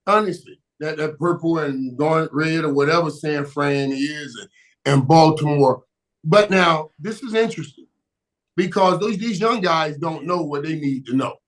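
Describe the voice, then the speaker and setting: Emphatic high-voiced man talking sports. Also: moderate pace. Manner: emphatic, repeats words, shouts for emphasis, laughs often. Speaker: guest. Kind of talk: animated sports talk.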